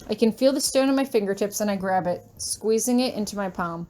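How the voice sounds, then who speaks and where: A woman reading a first-person fanfiction story aloud, with emotional, expressive delivery. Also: mid-range voice, brisk. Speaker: audiobook reader.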